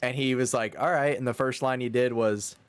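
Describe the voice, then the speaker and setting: A man's voice: mid-range voice, steady tone, fairly quick, clean tone. A young man co-hosting a casual podcast chat, rambling and hesitant. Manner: rambling, hesitant, self-deprecating. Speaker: podcast co-host.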